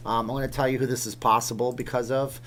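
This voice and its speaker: A Canadian man hosts a late-night livestream from his home, rambling easily as he reads out viewer comments. His voice sits at an ordinary middle pitch, and his talk is loose and conversational, full of asides to the chat. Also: flat delivery, quick pace, fairly bright tone. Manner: chatty, rambling, reacts aloud to chat comments. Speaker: livestream host. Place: home room with green screen.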